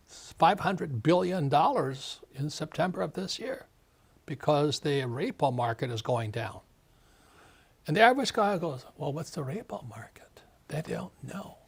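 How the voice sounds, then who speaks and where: Husky older man ranting emphatically. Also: on the high side. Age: 70s. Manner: emphatic, ranting, repeats words, mimics others. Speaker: author being interviewed. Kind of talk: animated interview talk.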